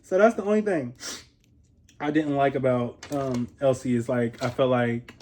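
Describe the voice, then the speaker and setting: A man's voice: medium pitch, moderate pace. Profane, chatty young man from Ohio. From Columbus, Ohio, USA. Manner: chatty, profane, laughs often, animated asides. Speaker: reality TV reviewer. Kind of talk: casual profane commentary.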